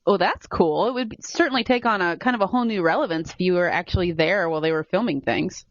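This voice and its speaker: A woman hosting a podcast interview, asking questions in an easygoing, measured way. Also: on the low side, no room sound. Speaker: podcast host. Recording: dry, dull lo-fi podcast audio.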